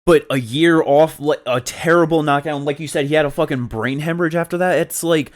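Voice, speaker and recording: A man's voice: on the high side, brisk. A man co-hosting a podcast, talking in a rambling, casual way with lots of fillers and swearing. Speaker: podcast co-host. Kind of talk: casual chat.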